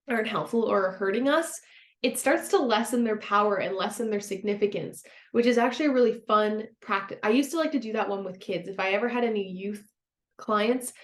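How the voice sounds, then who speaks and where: A woman hosting a self-help podcast, a former counselor talking in a gentle, encouraging way and laughing easily. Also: mid-range voice. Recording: roomy echo.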